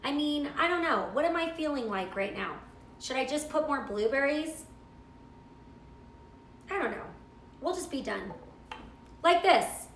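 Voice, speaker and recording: Middle-aged woman host, chatty cooking livestream, high bright voice with some fry, echoey kitchen. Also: lively intonation, measured pace, pauses often, slight background noise. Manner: chatty, gushing, reads viewer comments. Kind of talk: live cooking stream chat.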